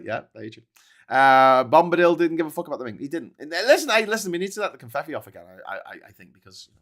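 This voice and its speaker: A man's voice: on the high side, big pitch swings, fast, fairly bright tone. A man hosting a live news commentary stream, rambling and jokey, often correcting himself. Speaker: show host. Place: seated in his own show chair.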